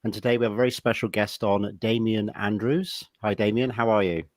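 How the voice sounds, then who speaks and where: Low-voiced male podcast host. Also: steady tone, a little fast, no room sound, clean studio sound. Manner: friendly, casual questioning with fillers. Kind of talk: podcast interview.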